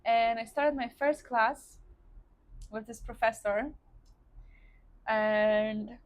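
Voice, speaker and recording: On the high side and drawing out her words, a woman from Poland tells viewers her personal story with a Polish accent. She's a vlogger eating on camera while seated indoors, chatty and casual, addressing people as "guys" with lots of "likes."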